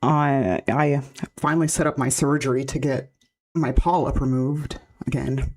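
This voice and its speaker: A woman with a naturally deep, low voice chats loosely on a live stream. Her talk rambles with "like" at every turn, and she breaks into laughter often. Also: steady tone, a little slow, a little mellow. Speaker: VTuber streamer. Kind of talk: casual live-stream chat.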